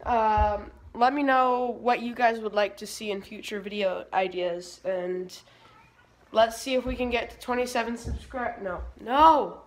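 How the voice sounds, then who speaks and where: A teenage girl vlogging at home on her phone, chatting playfully to her dogs and viewers. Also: fairly high pitch. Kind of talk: casual vlog talking to dogs and viewers. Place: family home, indoors. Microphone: phone camera.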